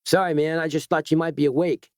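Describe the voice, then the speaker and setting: A man's voice: on the high side, steady tone, fast talker, darkish tone, smooth, no echo, studio quality, pitched above the performer's own voice, natural voice. A man voicing a young male hoodlum who chews gum and drawls casually. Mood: offhand. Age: young adult.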